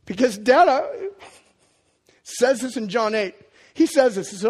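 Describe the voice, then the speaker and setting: A male pastor delivering a sermon with a high-pitched voice. He talks casually and with passion, dropping to a near hush and then surging loud again. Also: expressive, measured pace, pauses often. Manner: impassioned and conversational, swinging between hushed and loud.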